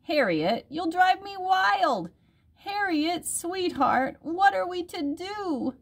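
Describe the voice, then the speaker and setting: A woman voicing a patient mother who scolds her child in a sing-song voice instead of yelling. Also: fairly low pitch, big pitch swings, slow.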